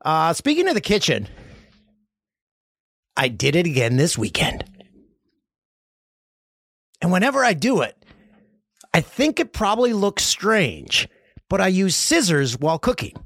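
A man's voice: high-pitched, a little slow, pauses often, dry recording, clean studio sound. A man hosting a podcast, from Canada, telling rambling jokey stories in a casual comedic monologue. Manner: rambling, jokey storytelling with lively swings. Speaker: podcast host.

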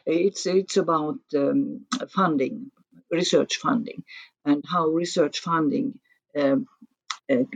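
A woman guest author explaining her research chapter in an academic interview, measured with restarts. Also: deep voice, fairly even intonation, creaky, no room sound, low-quality recording.

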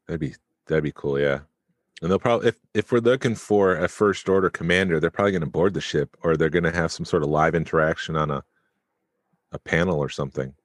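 A man's voice: sits low, quick pace, dry recording, clean studio sound. A man co-hosting a podcast, chatting casually and thinking aloud with fillers. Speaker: podcast co-host.

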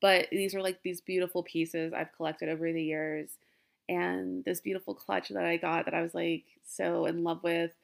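Woman, podcast host, low gravelly voice, rambling and emotional, casual home recording. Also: level tone, moderate pace. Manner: rambling, emotional, laughs often. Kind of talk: casual heartfelt farewell talk. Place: den at home. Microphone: laptop.

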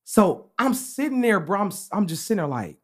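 A young adult man hosts a casual podcast chat and tells a long story in slangy street talk. He talks fast, his pitch jumps around with animation, and "bro" punctuates nearly every turn. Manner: slangy, animated anecdote telling with repeated "bro". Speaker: podcast co-host.

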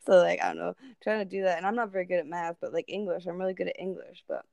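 A woman's voice: on the low side, fairly even intonation, very fast, gravelly, darkish tone, no echo. A young woman chatting casually and bluntly, swearing freely and laughing often. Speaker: co-host of a live audio chat. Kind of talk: casual chat.

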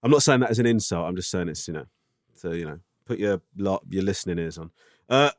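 A man's voice: low-pitched, lively intonation, fast, dry recording, studio quality. A man co-hosting a comedy podcast, chatting casually, swearing, laughing through stories and reading out a listener's email. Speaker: podcast co-host.

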